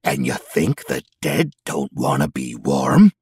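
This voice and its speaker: A man's voice: a bass voice, expressive, husky, full character voice. A man putting on a growling scrawny goblin. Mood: brooding. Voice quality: growling, rustic folksy speech. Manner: snappish, then slow and brooding. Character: scrawny humpbacked male goblin, irritable and stubborn.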